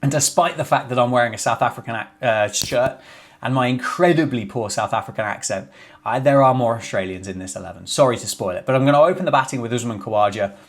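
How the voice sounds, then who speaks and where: A young man talks through a cricket preview in a casual, chatty way. He keeps tossing in jokey asides and often corrects himself mid-sentence. His pitch sits right in the middle for a man. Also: fast talker. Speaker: cricket video host.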